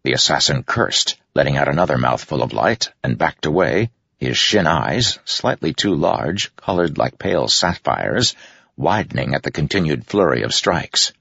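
A man narrating a fantasy audiobook in a measured, dramatic reading. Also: rumbling low, expressive, vocal fry, a bit bright, breathy edge, no room sound, lo-fi sound. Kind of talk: scripted narration.

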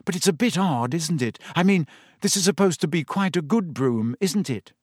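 A man's voice: lively intonation, moderate pace, husky, dry recording, clean studio sound. A man voicing a prim, anxious teenage witch girl in a storybook reading. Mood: worried. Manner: fretful, shrill.

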